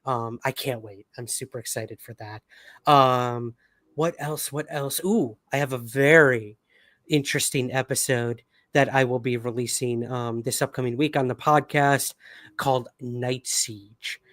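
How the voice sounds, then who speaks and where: A man's voice: mid-range voice, fairly even intonation, measured pace, a bit bright, no echo, clean studio sound. A man hosting a podcast livestream, talking casually and upbeat with lots of fillers. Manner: upbeat, chatty, many fillers. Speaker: podcast host.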